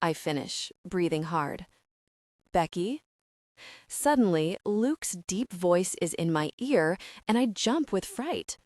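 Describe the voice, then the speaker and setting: A woman narrating a romantic comedy audiobook in the first person with a steady, measured reading. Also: fairly low pitch, dry recording, studio quality.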